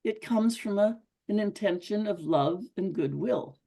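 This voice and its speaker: A woman's voice: mid-range voice, lively intonation, measured pace, vocal fry, mellow. A middle-aged woman giving an earnest, conversational motivational talk to a group, often repeating herself for emphasis. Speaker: speaker at a women's club.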